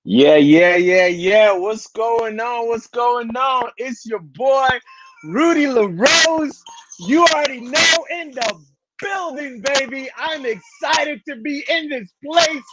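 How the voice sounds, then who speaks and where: A man hosting a livestream talk show, hyping up his audience and shouting out introductions. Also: very high-pitched, slow, heavy background noise. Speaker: livestream host.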